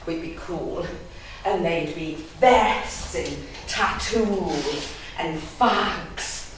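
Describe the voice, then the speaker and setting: Drawing out her words in a lowish voice, a young woman from the South Wales valleys performs a bawdy, teasing dramatic monologue and laughs a lot. Slight background noise is present, and the recording is echoey with a distant mic.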